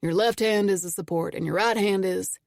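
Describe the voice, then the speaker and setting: A woman doing a relaxed teasing young man. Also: normal speed, gravelly, no echo, studio quality, close to an everyday voice. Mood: coaching. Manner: relaxed, low teasing drawl.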